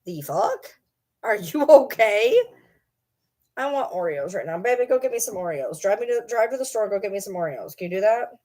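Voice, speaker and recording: A woman's voice: mid-range voice, lively intonation, quick pace, hardly any pauses, mellow. A woman chatting casually with her viewers, rambling and teasing as she talks to her pets in between. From Michigan. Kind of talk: casual chat.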